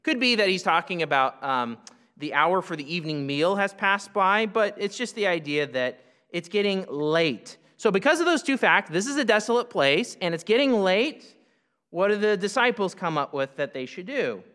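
A man with a high, bright voice preaches in a relaxed, conversational way, putting questions to his listeners and answering them himself. His voice rings out with the long reverb of a large hall. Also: moderate pace, clean tone. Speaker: pastor. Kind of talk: expository sermon.

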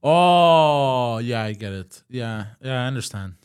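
A man co-hosting a casual chat, mostly quiet backchannels with blunt, swearing asides. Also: mid-range voice, animated, takes it slowly, clear, resonant tone. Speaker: podcast co-host.

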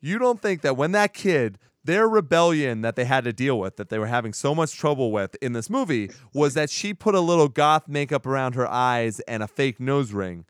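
Podcast host, man, lively storyteller with a resonant voice, recorded dry. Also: medium pitch, moderate pace, few pauses, clean tone, dry recording. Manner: animated storytelling, acts out quotes, laughs often. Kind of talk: casual movie review chat.

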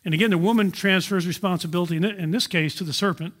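A man delivers a sermon with a fairly high-pitched voice. He preaches earnestly and keeps asking the congregation rhetorical questions. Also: brisk, fairly bright tone. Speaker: pastor.

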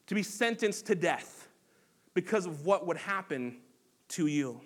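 High-voiced male pastor preaching. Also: animated, measured pace. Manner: earnest, conversational preaching with frequent fillers and restarts. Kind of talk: sermon. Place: church sanctuary.

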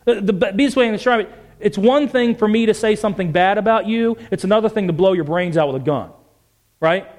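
A male preacher with a very high voice for a man, delivering a passionate sermon. He presses his points with emphatic phrasing and keeps asking his listeners questions. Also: quick pace.

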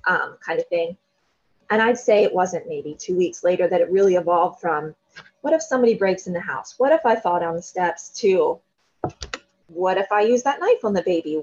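A woman in her thirties, a guest telling a candid personal story in an interview, self-deprecating and animated when quoting others. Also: medium pitch, husky. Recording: dull lo-fi sound.

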